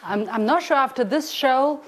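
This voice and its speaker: A woman hosting a television panel discussion, brisk as she moves the talk along and wraps up. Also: high voice, a loud crowd. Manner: brisk, wraps up and introduces guests. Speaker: TV talk show host.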